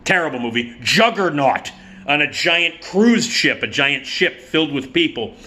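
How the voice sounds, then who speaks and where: Middle-aged male film commentator, bright forward tone, sarcastic, swears freely, rambles. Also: on the high side, animated, measured pace. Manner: sarcastic, profane, rambling with many fillers. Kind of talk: casual ranting movie talk.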